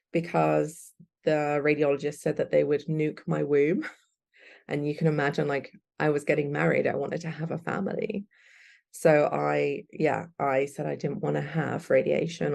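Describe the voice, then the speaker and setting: A woman's voice: sits low, fairly even intonation, moderate pace, vocal fry, darkish tone. A young adult woman, a guest telling her own story in an earnest, candid way. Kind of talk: personal storytelling.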